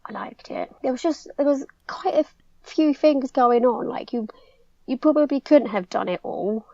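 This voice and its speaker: An English woman in her twenties or so, chatting eagerly as a podcast guest with plenty of filler words. Her voice sits a touch high with a gravelly fry. The sound is dry and a little dull. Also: moderate pace, no room sound. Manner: chatty, fillers like "like", excited storytelling. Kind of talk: casual chat.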